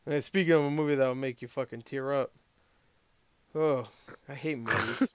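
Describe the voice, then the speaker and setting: A man's voice: medium pitch, fairly even intonation, moderate pace, smooth, no echo. A young man hosting a casual movie chat, profane and laughing often. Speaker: podcast host.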